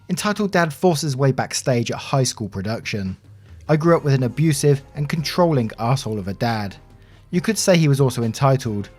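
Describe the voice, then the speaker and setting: A man reading Reddit stories aloud in an expressive, animated narration. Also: medium pitch. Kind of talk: scripted story narration. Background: soft background music.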